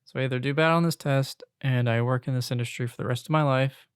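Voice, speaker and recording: A man's voice: mid-range voice, fairly even intonation, quick pace, clear, resonant tone, no echo, clean studio sound. A young man hosting a podcast solo, venting in an exasperated, casual rant with some swearing. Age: young adult. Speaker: podcast host.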